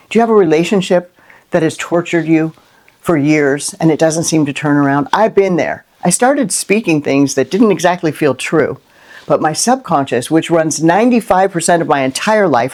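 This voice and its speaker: A middle-aged woman hosting a Christian inspirational video, talking unscripted and from the heart, with lively rhetorical questions and frequent "right?". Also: low-pitched. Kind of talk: unscripted heartfelt monologue to camera.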